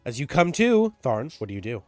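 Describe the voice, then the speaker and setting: A man's voice: mid-range voice, brisk, faint music behind. A man running a tabletop game as game master, narrating with many stammers and restarts. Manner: stammering, lively, repeats words.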